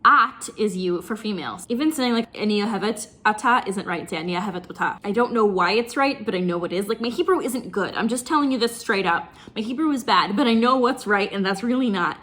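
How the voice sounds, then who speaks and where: A woman's voice: a little high, animated, brisk, few pauses, fairly bright tone. A woman hosting a reaction video, chatting casually and breaking down words one at a time, with frequent laughter. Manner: chatty, laughing, explains word by word.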